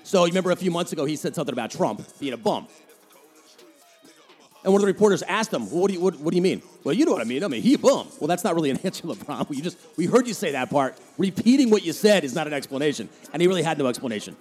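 A man with a New Jersey accent rants through a solo podcast at a rapid clip, heated and sarcastic. His voice sits a touch high for a man. Faint music plays underneath. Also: lively intonation, darkish tone, slightly rough. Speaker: podcast host. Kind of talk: opinionated solo podcast rant.

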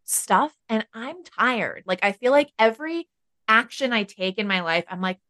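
A woman's voice: fairly high pitch, normal speed, sharp tone. An American woman co-hosting a podcast in casual chat, blunt and given to swearing, acting out her own inner voice. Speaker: podcast co-host.

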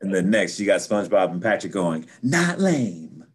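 A man chatting casually about a cartoon, animated and quick to chime in with agreement. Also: low voice, breathy edge. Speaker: podcast co-host. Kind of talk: casual chat.

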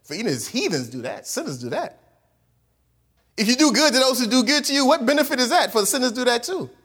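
Animated, high-voiced preaching man. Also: fast talker, breathy edge. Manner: animated preaching, reads scripture aloud, acts out quotes in voices; colloquial phrasing. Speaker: pastor. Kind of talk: sermon.

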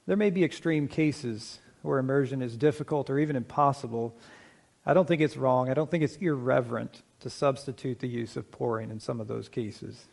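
A middle-aged man preaching a sermon as pastor, speaking in a measured, conversational way, slowing down to stress key points and asking the congregation questions. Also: mid-range voice, vocal fry, a little mellow.

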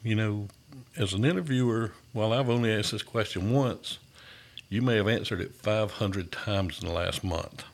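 A man's voice: fairly low pitch, moderate pace, creaky. A man hosting a podcast interview in an easygoing, enthusiastic way, often saying "man". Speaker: podcast host. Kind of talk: casual interview chat.

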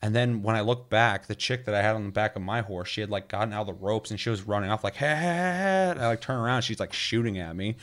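A man's voice: fairly low pitch, fairly even intonation, quick pace, few pauses. A man chatting casually about a video game, loose and rambling, with lots of filler words and frequent swearing.

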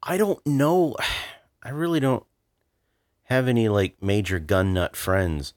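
Deep voiced dude on a podcast, blunt, swears, dry close mic. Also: male voice, takes it slowly, darkish tone, dry recording. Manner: blunt, profane, stammering restarts. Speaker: podcast co-host. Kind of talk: casual political chat.

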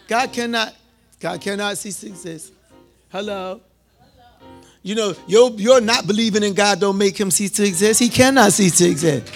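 High-voiced, gravelly preacher. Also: male voice, normal speed, soft background music. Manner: call-and-response, repetitive, swings from loud to hushed. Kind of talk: sermon.

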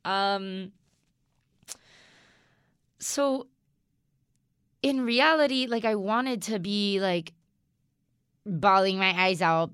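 A woman's voice: medium pitch, slow, long pauses, a bit bright, clear, resonant tone, no room sound, studio quality. A young adult woman hosting her own podcast, talking in a rambling, candid way and often swearing and laughing. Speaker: podcast host. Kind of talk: casual solo podcast talk.

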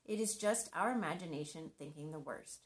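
A middle-aged woman speaks in a fairly low voice, giving a scripted devotional talk on marriage. She sounds earnest and conversational, with gentle humor. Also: animated, brisk.

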